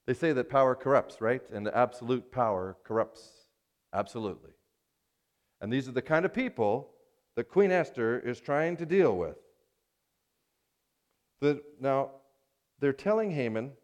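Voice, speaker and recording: A man's voice: mid-range voice, expressive, moderate pace, pauses often. A man preaching a sermon, telling a scripture story emphatically, with playful asides.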